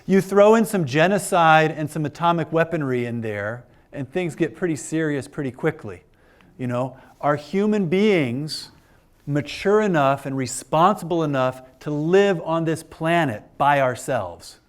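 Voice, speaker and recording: A man's voice: fairly high pitch, unhurried. Chatty joking male lecturer. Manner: chatty, joking, frequent fillers and laughs. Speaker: philosophy lecturer. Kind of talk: informal classroom lecture. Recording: lecture room.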